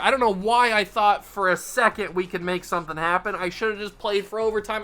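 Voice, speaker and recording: Young male gaming host, smooth clear tone, excitable and self-deprecating running commentary. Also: high voice, fairly quick, hardly any pauses. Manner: excitable, self-mocking, swings between groans and yelps. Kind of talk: casual gameplay commentary.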